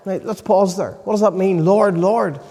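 A man preaching a sermon, earnest and emphatic, pausing to stress key points. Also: sits high, mellow. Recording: long reverb of a large hall.

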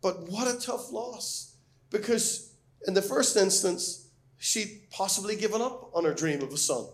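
A man's voice: high-pitched, measured pace. A man preaching a sermon as a pastor, reading scripture and speaking earnestly and emphatically, with rising questions.

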